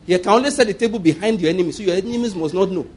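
A man's voice: high voice, rapid-fire, darkish tone, a little hiss or hum. A man with a Nigerian accent preaching a sermon, telling humorous stories and making emphatic declarations. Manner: humorous, storytelling, laughs often. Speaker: pastor.

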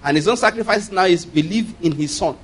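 Speaking a little fast, a man with a high-sitting, breathy-edged voice preaches to a congregation. He drives points home emphatically, repeating key phrases and using call-and-response questions.

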